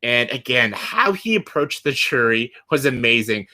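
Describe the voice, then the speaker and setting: Casual vlog guy, bright punchy voice, swears a lot, says like and uh constantly, real excited. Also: mid-range voice, moderate pace. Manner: enthusiastic, blunt, swears freely, many fillers. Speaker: YouTuber ranking show winners.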